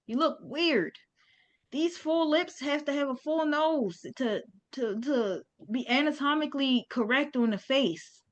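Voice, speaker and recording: A woman's voice: sits high, dull audio. A woman presenting opinionated commentary over slides, blunt and emphatic, with casual slang.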